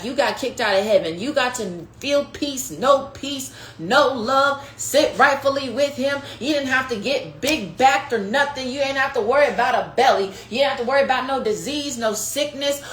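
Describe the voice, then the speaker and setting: Woman preacher, fairly high voice, passionate and conversational, swings loud and soft, echoey room, faint hiss. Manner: passionate, conversational preaching with sudden rises and drops; calls listeners "baby" and "y'all". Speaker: podcast host and preacher. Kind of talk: prophetic teaching.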